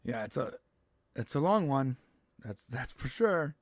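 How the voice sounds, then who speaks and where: A man's voice: mid-range voice, big pitch swings, measured pace, dry recording. A man co-hosting a live-streamed podcast, chatting casually and making fun of himself. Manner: joking, self-deprecating. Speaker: podcast co-host.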